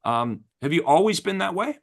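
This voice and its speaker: A man's voice: fairly high pitch, sing-song, moderate pace, gravelly. A man hosting an interview as a real estate coach, talking in an emphatic, enthusiastic coaching tone. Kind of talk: casual interview chat.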